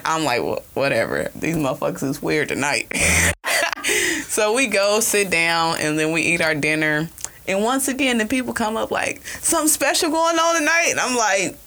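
Bright-voiced woman telling a laughing story. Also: lowish voice, normal speed. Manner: animated storytelling, laughs often, profane. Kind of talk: casual chat.

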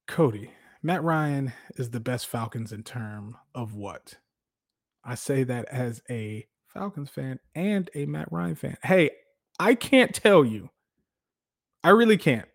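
A man hosting a casual sports talk show, animated, laughing often and restarting his sentences. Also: a little high, unhurried. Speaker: podcast host.

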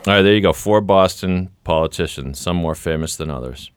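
Deep-voiced playful podcast quizmaster. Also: male voice, brisk, clear, resonant tone, dry recording, clean studio sound. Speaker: podcast host running a quiz game. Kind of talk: casual chat.

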